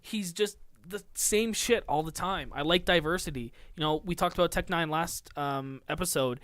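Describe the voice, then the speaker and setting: Animated young man, dry close mic. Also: fairly high pitch, moderate pace, no echo. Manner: argumentative, animated, chuckles often. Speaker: podcast co-host. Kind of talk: casual chat, reading rap lyrics aloud in rhythm.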